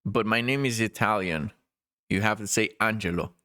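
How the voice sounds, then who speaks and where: A man's voice: fairly low pitch, moderate pace, sharp tone, dry recording, studio quality. A man from Spain, chatting casually on a live stream and patiently explaining, repeating himself. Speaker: livestreamer.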